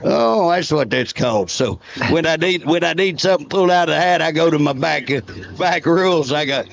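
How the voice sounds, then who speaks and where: A man's voice: a little high, fairly quick, creaky, highs cut off. A man, a state representative telling folksy stories in a casual interview and chuckling often.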